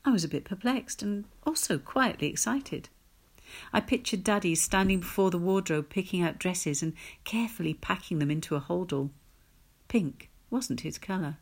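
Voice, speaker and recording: A woman narrates an audiobook with a wry, measured delivery. Her voice sits a little low, and she takes her time over each sentence. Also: lively intonation, husky. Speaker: reader.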